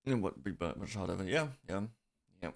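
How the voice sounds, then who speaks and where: A man's voice: low-pitched, expressive, brisk, creaky. A man streaming, chatting casually about online drama in a rambling way, with restarts and bursts of laughter.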